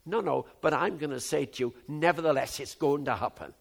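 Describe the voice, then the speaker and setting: A man in his seventies preaching a sermon, moving from low musing to loud, emphatic outbursts. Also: brisk, creaky. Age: 70s.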